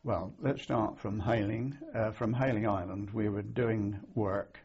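An older man recalling his wartime service in an oral history interview, halting often with ums and restarts. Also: fairly low pitch, steady tone, darkish tone, lo-fi sound. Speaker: veteran interviewee.

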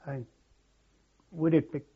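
An older man recalling his wartime service in an oral history interview, halting and reflective, with many fillers and restarts. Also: fairly high pitch, steady tone, breathy edge. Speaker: war veteran interviewee. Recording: dull lo-fi recording.

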